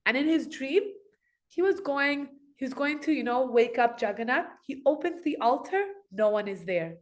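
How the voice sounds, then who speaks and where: A woman telling devotional stories in a relaxed, chatty way, her voice sitting a little high. She throws herself into the quoted lines, jumping up in pitch for the characters. It sounds like informal storytelling for kids. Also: moderate pace. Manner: animated, acts out quoted voices with big pitch jumps. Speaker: storyteller for children.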